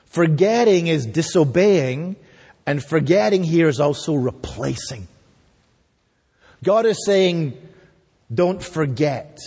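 A man's voice: on the high side, animated, slow, pauses often, a little mellow, slightly rough. A man preaching a sermon, earnest and emphatic, asking his listeners pointed questions. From raised by a Scottish mother. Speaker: pastor. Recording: long hall reverb.

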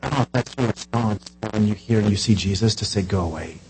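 A man pastor preaching a sermon, animated, climbing to loud high peaks and dropping to hushed asides. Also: fairly quick, a little hiss or hum. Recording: long hall reverb.

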